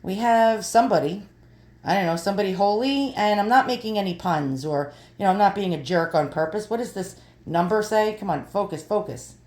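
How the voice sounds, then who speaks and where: A woman in her fifties talks through a haul video in an easy, chatty way. She thinks aloud, muttering and trailing off as she squints at tiny details. Her voice sits at an ordinary pitch and rings a little in a roomy space. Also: lively intonation, brisk, a little mellow. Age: 50s. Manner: thinks aloud while squinting at small items. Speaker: vlogger showing an online haul.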